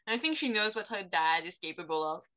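A woman's voice: fairly low pitch, expressive, fast talker, sharp tone. A woman from France co-hosting a casual podcast chat about a TV series, chatty and laughing often. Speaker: podcast co-host.

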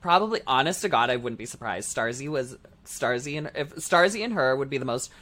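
A man's voice: mid-range voice, expressive, a little fast, sharp tone. A man co-hosts a casual podcast, talking through his thoughts in a loose, rambling way. His speech is packed with filler words as he circles back on himself. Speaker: podcast co-host; drag performer. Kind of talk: casual chat.

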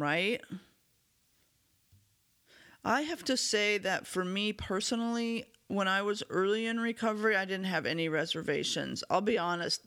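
A man hosting a solo podcast about recovery, talking in an earnest, candid and self-reflective way, his voice slightly hoarse as he clears his throat now and then. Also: high-pitched, a bit bright. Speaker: podcast host.

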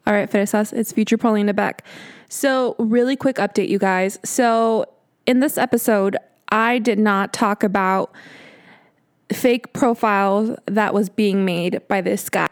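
A woman in her late twenties, hosting a podcast and telling a story in casual chat. She talks in an animated way, swears freely and acts out exasperated quotes. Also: medium pitch, unhurried, smooth. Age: 20s. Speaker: podcast host.

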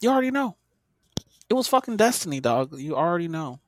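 A man's voice: a little high, sing-song, a little fast, dry recording, clean studio sound. A man co-hosting a podcast in casual chat, loose and profane, with plenty of fillers and restarts. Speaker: podcast co-host, former game tester.

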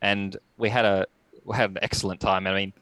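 Deep-voiced man, reflective. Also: little pitch movement, a bit bright, poor audio. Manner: reflective, halting with many restarts. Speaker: podcast guest. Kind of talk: casual storytelling.

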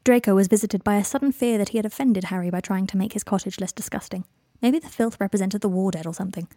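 A woman narrating a fan fiction story in an expressive reading voice. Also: mid-range voice, fast, no echo, clean studio sound. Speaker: reader.

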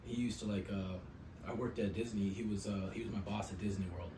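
A man's voice: on the low side, steady tone, fairly quick. Laid-back swearing man in a roomy room. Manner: profane, rambling storyteller. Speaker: podcast co-host. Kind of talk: casual chat. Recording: roomy, distant mic, faint noise.

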